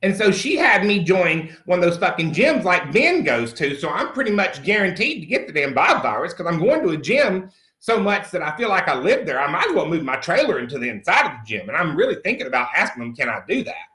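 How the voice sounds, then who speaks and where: A man's voice: fairly high pitch, big pitch swings, brisk, sharp tone. A man playing a crude country dude. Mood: brash. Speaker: comedy character host. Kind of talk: improvised comic monologue. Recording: roomy echo.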